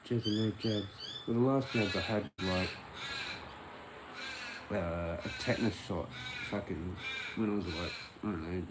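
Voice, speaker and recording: An Australian man hosts a casual livestream against a noisy background, his low voice unhurried. He rambles loosely and swears, sometimes sinking into half-whispers.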